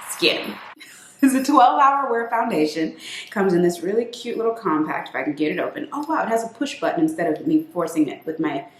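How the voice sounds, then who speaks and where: A woman's voice: mid-range voice, echoey room. A woman beauty vlogger chatting playfully through a makeup routine, calling her viewers sis. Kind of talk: casual makeup tutorial chat.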